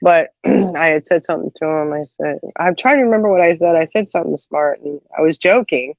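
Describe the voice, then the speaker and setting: This middle-aged host speaks briskly in a low-sitting voice, chatting animatedly about everyday events and peppering them with asides. No room sound is present, though the audio is dull and slightly muffled.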